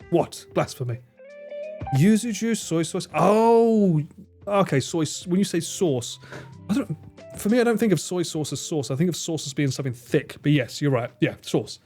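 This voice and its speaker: A British man streams live, bantering with his chat, cracking quick jokes and swearing often. His voice sits a little high with a darkish tone, and faint guitar music plays in the background.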